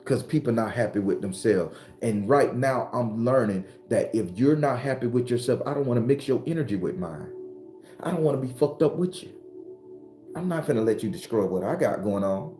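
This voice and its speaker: A spiritual advisor and channel host with a medium-pitched, animated voice at normal speed delivers an impassioned motivational monologue like a blunt, profane preacher. He shouts when recounting arguments, and the recording sounds roomy with faint background music.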